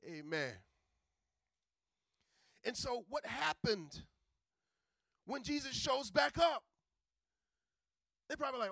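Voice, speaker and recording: A man preaching a sermon, chatty and joking, building to loud, emphatic preaching. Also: extremely high pitch, very animated, moderate pace, creaky, pauses often, dry recording. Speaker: pastor.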